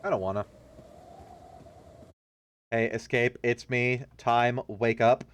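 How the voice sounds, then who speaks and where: A man's voice: steady tone, slow, smooth. A man streaming a horror game, talking casually and profanely while he plays. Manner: loose, profane running jokes with sudden pitch jumps. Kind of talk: casual gameplay commentary.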